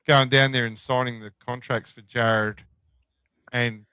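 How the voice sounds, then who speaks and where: A man's voice: mid-range voice, steady tone, a little slow, bright, forceful tone, clean tone, dry recording. A middle-aged Australian man, a podcast guest, telling blunt, profane anecdotes in casual chat. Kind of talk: casual storytelling. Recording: dull, dry lo-fi sound.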